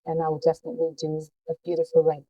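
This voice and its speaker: A woman's voice: low voice, monotone, rapid-fire, dark tone, highs cut off. A woman vlogger speaking to her viewers in a heartfelt, earnest way. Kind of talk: personal talk to camera.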